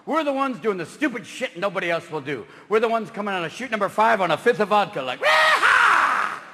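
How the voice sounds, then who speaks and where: A man from California doing a live stand-up routine on stage, talking manically and shouting as he jumps between silly voices. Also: high-pitched, lively intonation, quick pace, heavy background noise. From Marin County, California, USA. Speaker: stand-up comedian. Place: stage in a large theater. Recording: reverberant live hall with ambience.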